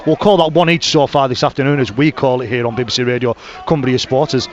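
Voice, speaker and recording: A man giving live rugby league radio commentary, naming each pass and tackle in quick succession. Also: medium pitch, steady tone. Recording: lo-fi radio broadcast audio.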